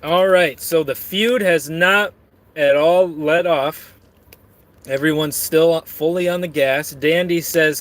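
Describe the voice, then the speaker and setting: A man's voice: on the high side, slow. A man chatting casually on camera while eating and reading out chat, full of crude, rambling, self-mocking jokes. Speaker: streamer reading chat messages.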